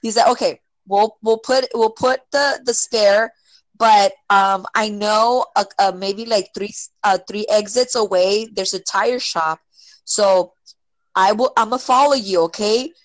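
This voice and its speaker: A woman casually telling a personal story, filling it with "like" and "right?" and acting out quotes with sudden jumps in pitch. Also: unhurried, no room sound, poor audio. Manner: filler-heavy, many "like" and "right?".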